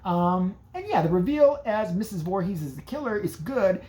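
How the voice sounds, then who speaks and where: A woman's voice: medium pitch, animated, moderate pace, warm tone. A woman giving a sarcastic, profane, casual recap of an old movie. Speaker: movie reviewer.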